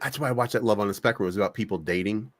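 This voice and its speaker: A man's voice: lowish voice, rapid-fire, noisy background. A man co-hosting a crypto talk show, ranting casually with profanity and mock quotes. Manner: animated, swearing, rants with mock quotes. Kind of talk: casual chat. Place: online audio room.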